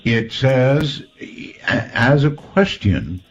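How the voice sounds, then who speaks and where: A man's voice: medium pitch, sing-song, slow pace. A man hosting a casual chat, thinking aloud with frequent restarts as he reacts to recordings. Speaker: host. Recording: dull lo-fi audio with faint noise.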